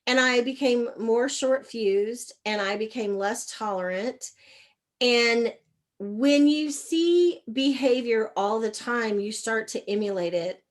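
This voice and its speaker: A middle-aged woman, a leadership coach, telling a candid personal story in an interview, acting out quoted exchanges. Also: takes it slowly. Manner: animated, acts out quoted exchanges with shifts in pitch and loudness.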